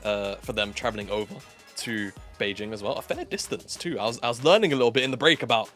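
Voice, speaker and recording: A man's voice: medium pitch, fast talker, fairly bright tone, soft background music. A man co-casting a live esports broadcast, rambling playfully and often correcting himself mid-thought. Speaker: esports caster. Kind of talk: casual live esports commentary.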